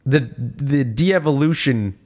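A man's voice: medium pitch, slow pace, darkish tone. A man co-hosting a casual movie talk, swearing freely and acting out characters' lines in exaggerated voices.

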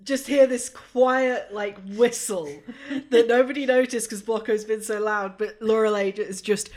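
A woman's voice: on the high side, fairly even intonation, unhurried, darkish tone. A woman playing in a tabletop game, teasing and laughing. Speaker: player.

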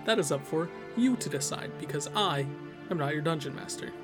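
A man hosting a podcast, casually explaining a tabletop monster encounter in a relaxed, chatty way with lots of fillers. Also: fairly high pitch, a little fast. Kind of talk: casual explanatory talk about game design. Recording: music bed behind the voice.

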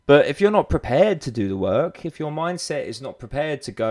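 Blunt, sweary British fitness coach. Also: male voice, medium pitch, very animated, brisk, few pauses, a little mellow. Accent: British English. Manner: blunt, sweary, rambling with road metaphors. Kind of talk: motivational monologue.

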